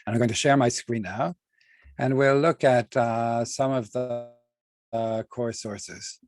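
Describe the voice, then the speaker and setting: A man teaching an online class on a video call, deliberate, often repeating and restarting words and stressing key terms slowly. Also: mid-range voice, fairly even intonation, a little mellow, no echo. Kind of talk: online lecture with screen sharing.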